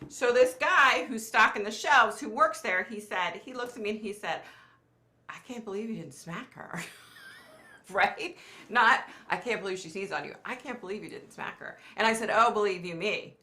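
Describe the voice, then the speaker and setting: A woman's voice: medium pitch, pushed and bright. A woman with a cold telling a story on a casual live stream, chatty and exasperated, talking straight to her viewers and swearing casually. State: has a cold. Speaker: live show host.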